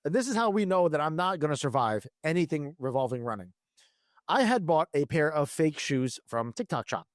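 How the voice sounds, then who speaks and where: A man in his thirties chats on his podcast with a voice that sits a little high and swings up and down as he tells a story. He talks casually and swears freely. The sound is dry and close, with no room echo. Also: big pitch swings, a little fast. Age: 30s. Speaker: podcast co-host. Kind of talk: casual chat.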